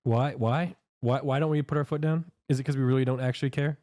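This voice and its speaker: Man asking short questions, mellow voice. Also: mid-range voice, steady tone, fast. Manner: brief, reactive questions. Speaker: streamer guest. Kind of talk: casual chat.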